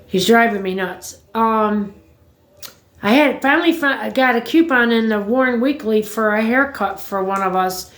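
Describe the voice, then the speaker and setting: A woman's voice: a little high, normal speed, a bit bright. A woman vlogging from home, chatting casually to her viewers in a rambling, blunt way and swearing freely. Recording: roomy echo.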